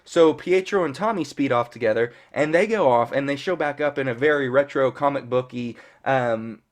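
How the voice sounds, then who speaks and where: A man in his thirties with a mid-range voice talks at normal speed while recapping a TV episode as a fan. It's a casual, rambling take, scattered with "you know" and occasional mild swearing.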